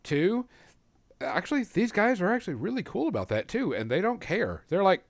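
A man's voice: high voice, big pitch swings, normal speed, no room sound. A man co-hosting a podcast, chatting casually and swearing as he tells game stories full of quoted dialogue. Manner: swearing, storytelling with acted-out quotes. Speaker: podcast co-host. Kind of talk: casual chat.

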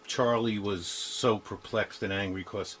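A man hosts an interview, his lowish voice halting and filled with ums and uhs. A faint hum of background noise sits under him. He builds his questions slowly. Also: fairly even intonation, a bit bright, poor audio. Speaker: interviewer, host.

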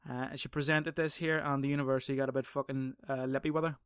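A man's voice: medium pitch, little pitch movement, fast talker, fairly bright tone, clear, resonant tone, no room sound, studio quality. A young man hosting a casual solo podcast, swearing, rambling and sarcastic. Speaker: podcast host.

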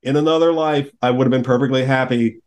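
A man's voice: medium pitch, steady tone, fast talker, noisy background. A man talking as a podcast guest in a casual roundtable chat, enthusiastic and laughing often as he talks.

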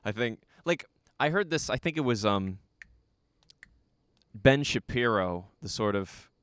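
A man's voice: mid-range voice, animated, unhurried, a bit bright, clear, resonant tone, no echo, clean studio sound. A young American man chatting casually, rambling through a travel story with lots of fillers. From United States. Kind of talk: casual conversation.

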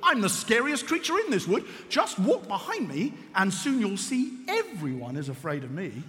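A man's voice: sits high, huge pitch swings, moderate pace, a bit bright, long reverb tail, full character voice. A man voicing a boastful, clever little mouse while reading a storybook aloud, chirpy and self-assured.

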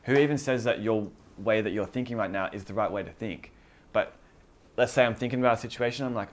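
A man's voice: fairly low pitch, expressive, brisk. A man preaching a casual sermon to a small group, earnest and conversational, often repeating himself. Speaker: pastor.

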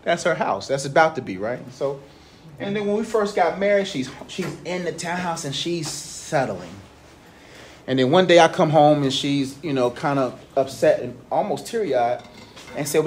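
High-voiced preaching man, casual. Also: animated, moderate pace, slight background noise. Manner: conversational preaching with storytelling and slang; swings from loud to low and back. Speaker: pastor. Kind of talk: sermon.

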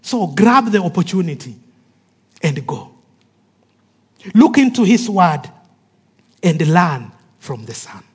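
A man preaching a sermon with emphatic delivery that drops to soft, hushed phrases, acting out the voices of the people in his stories. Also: sits high, sing-song, slow, pauses often, breathy edge. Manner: acts out quoted speech of the people in his stories.

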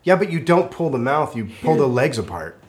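A middle-aged man co-hosting a casual comedy chat, tossing out deadpan absurd jokes. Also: medium pitch, a little fast. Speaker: podcast co-host.

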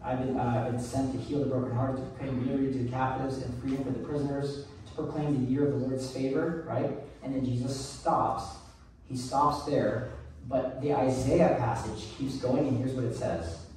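A man's voice: medium pitch, steady tone, normal speed, darkish tone. Male pastor, casual earnest sermon delivery, distant mic, reverberant church room with faint background hum. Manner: conversational, earnest, with many restarts.

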